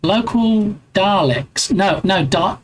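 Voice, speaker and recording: A man's voice: high voice, lively intonation, slow pace, rough recording. A man in his forties with an English accent, chatting casually with his live stream viewers and bantering playfully as he answers their chat.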